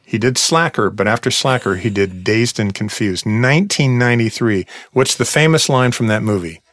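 A man's voice: medium pitch, normal speed, a bit bright, no echo, studio quality. A man co-hosting a casual chat about films, talking with enthusiasm and rattling off titles and actors. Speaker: co-host.

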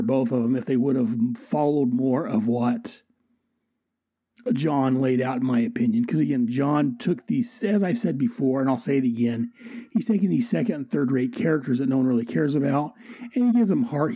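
A man's voice: mid-range voice, brisk, dark tone, slightly rough, no room sound. A man giving a casual, rambling and enthusiastic comic book review, often restarting and correcting himself.

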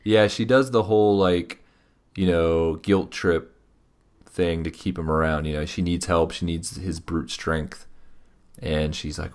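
A man's voice: low voice, flat delivery, unhurried. A man co-hosting a casual podcast about comics, rambling with many fillers and restarts. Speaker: podcast co-host. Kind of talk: casual comic book review chat.

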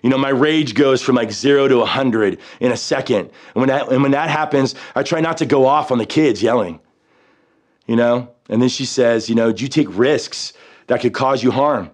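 A military veteran in his fifties telling his own story in a halting, reflective way, often pausing on "you know" and restarting his sentences. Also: medium pitch. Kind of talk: personal storytelling.

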